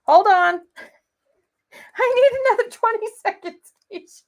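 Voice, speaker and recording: A woman's voice: very high-pitched, takes it slowly. A woman hosting a live paper-crafting demonstration, chatting bubbly and giggly with viewers and greeting them by name. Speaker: crafting livestream host.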